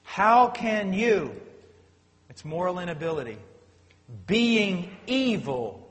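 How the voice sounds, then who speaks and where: A man preaching a sermon, swinging between loud urgent outbursts and quiet, low storytelling. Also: very animated, takes it slowly, long reverb tail.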